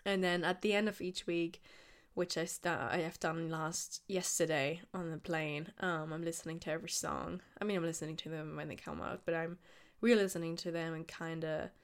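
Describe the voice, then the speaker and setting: A young woman hosting her podcast in casual, unedited talk, her voice hoarse and a bit raspy, chatty with many fillers and restarts. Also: sits low, steady tone, moderate pace. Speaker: podcast host.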